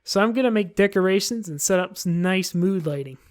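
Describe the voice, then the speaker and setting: A woman's voice: medium pitch, brisk, darkish tone, lightly acted. Woman putting on obsessive shy teen Yuri. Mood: timid. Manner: breathless, unsettling adoration.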